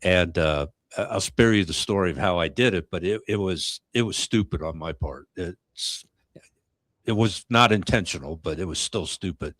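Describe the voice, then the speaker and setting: Middle-aged host guy, really low voice, kinda halting and reflective, dry close mic. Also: a bit bright, no room sound. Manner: reflective, halting, many restarts. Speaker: podcast host. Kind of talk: casual chat.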